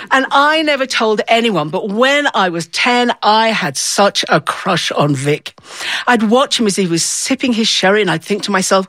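A woman from the north of England telling a personal story in a playful, expressive way, acting out the voices in it. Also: medium pitch, moderate pace, no room sound.

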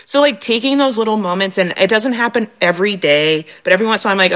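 A woman's voice: medium pitch, fast, hardly any pauses. A woman in her thirties, a mother and podcast guest, chatting casually and acting out her kids' voices as she tells stories. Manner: animated storyteller, acts out her kids' voices. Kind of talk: casual chat.

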